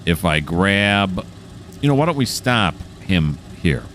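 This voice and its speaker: A man's voice: low-pitched, sing-song, takes it slowly, fairly bright tone. A man casually commenting on a train simulator game as he plays, thinking aloud in a chatty, self-mocking way. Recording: game engine noise behind the voice.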